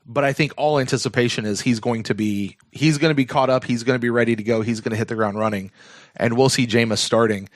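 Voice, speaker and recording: A man's voice: medium pitch, fairly even intonation, fast, dry recording, clean studio sound. A man co-hosting a sports fan podcast, talking casually and reading listener emails, with lots of fillers and restarts. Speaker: podcast co-host.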